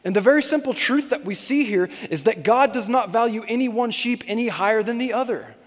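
High-voiced male pastor preaching a sermon. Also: a little fast, big-room sound. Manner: conversational and emphatic, repeats key points.

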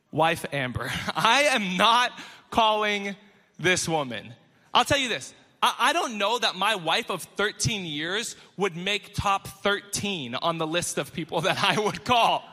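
A bright, forceful male voice preaching on stage, telling stories with lively, self-deprecating humor. His voice sits a little high and carries a long reverb from the large hall around him. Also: measured pace. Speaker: pastor. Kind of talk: sermon. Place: church stage before a congregation.

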